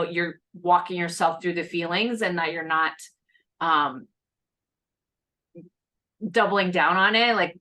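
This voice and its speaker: A woman with a slightly low, bright voice hosts a casual conversation over a video call. She talks in a chatty, reassuring way, full of fillers and restarts. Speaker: host.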